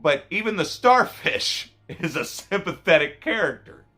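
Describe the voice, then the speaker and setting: A man's voice: big pitch swings, a little slow, bright, forceful tone, soft background music. A man giving a casual, rambling movie review, swearing often and cutting himself off mid-thought. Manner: profane, rambling, self-interrupting; voice jumps high when emotional.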